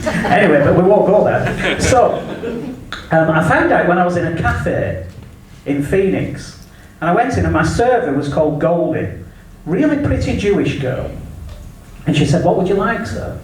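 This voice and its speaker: Brash English stand-up comedian, echoey room. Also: male voice, high-pitched, very animated, normal speed. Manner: brash, crude punchline delivery. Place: comedy club stage. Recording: echoey venue from far off, faint noise. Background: audience laughter.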